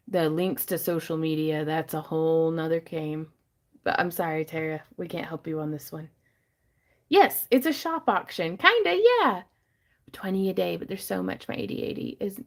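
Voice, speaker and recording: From her home craft room, a woman with a low-side, mellow voice hosts a casual livestream sale. She's chatty and rambling, reads viewer comments, and laughs often.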